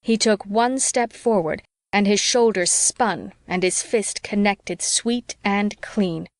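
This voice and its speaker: A woman reading a novel aloud as a steady first-person audiobook narrator. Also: mid-range voice, slow, no room sound, clean studio sound.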